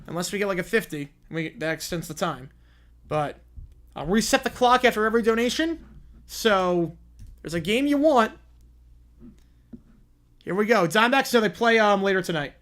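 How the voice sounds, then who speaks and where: A man's voice: high voice, expressive, normal speed, long pauses, fairly bright tone. A man hosting a live stream, chatting casually and rambling, often repeating himself. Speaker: streamer host.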